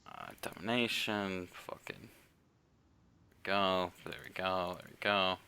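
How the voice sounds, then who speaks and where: A man co-hosting a casual gaming chat, reacting fast and cursing without a second thought. His lowish voice comes through bright and forceful. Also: steady tone, a little hiss or hum. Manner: casual quick reactions, swears freely. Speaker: co-host.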